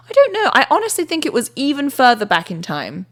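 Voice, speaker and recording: A woman's voice: mid-range voice, sing-song, brisk, a bit bright. Chatty British woman on a podcast. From England, near Bristol. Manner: chatty, wanders into tangents. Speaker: podcast co-host. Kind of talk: casual chat.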